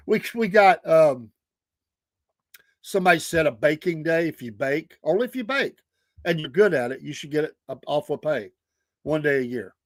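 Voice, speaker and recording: A man's voice: a little high, lively intonation, moderate pace, long pauses, no echo. A middle-aged man, hosting a casual livestream and telling stories with frequent laughter. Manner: chatty, laughs often. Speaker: host.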